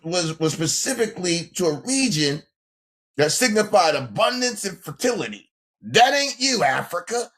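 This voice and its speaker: A man's voice: high voice, fairly bright tone. A man hosting a casual livestream, talking brashly in slang and laughing often. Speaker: livestream host.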